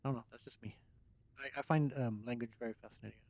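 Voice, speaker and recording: A man's voice: mid-range voice, fairly even intonation, fast, darkish tone, dry recording. An American man giving casual game commentary, rambling and hesitant as he talks over gameplay. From United States. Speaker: let's play commentator. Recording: dull lo-fi mic over game music.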